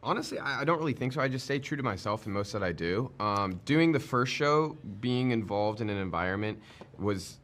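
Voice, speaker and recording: A man answering interview questions earnestly, in halting sentences with restarts. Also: medium pitch, animated, a bit bright. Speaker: reality show contestant. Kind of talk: casual press interview.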